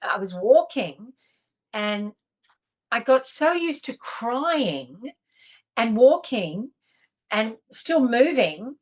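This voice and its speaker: A woman's voice: a little high, big pitch swings, extremely slow, long pauses. Candid woman on a video call. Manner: candid, emotional storytelling with restarts. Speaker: guest. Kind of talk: casual video-call interview.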